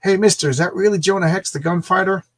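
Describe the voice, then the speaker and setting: An eager young boy from the Old West pleads and asks wide-eyed, as a man puts him on while reading a comic aloud. His voice sits a little high and sounds husky. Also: fast talker.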